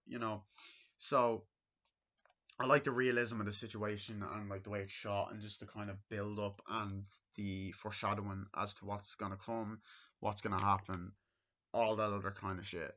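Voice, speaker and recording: A man's voice: on the low side, flat delivery, moderate pace, sharp tone. A man giving a casual, rambling movie review full of fillers, on a dull lo-fi recording. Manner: rambling, filler-heavy retelling.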